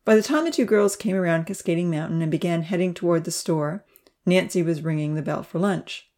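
A woman narrating a children's story aloud with an expressive, dramatic delivery. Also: fairly low pitch, brisk.

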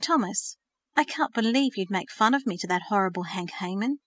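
Brief: eager, earnest teenage girl, as a woman narrator reads her, lively pitch, dry close recording. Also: normal speed, dry recording, lightly acted. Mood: indignant. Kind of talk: audiobook reading.

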